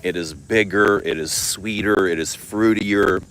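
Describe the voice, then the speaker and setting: A man's voice: deep voice, measured pace, a little hiss or hum, poor audio. A middle-aged man from Canada chatting casually with viewers about perfume, telling stories with frequent swearing and laughter. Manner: swears freely, laughs, animated storytelling. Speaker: fragrance vlogger. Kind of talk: casual livestream chat answering comments.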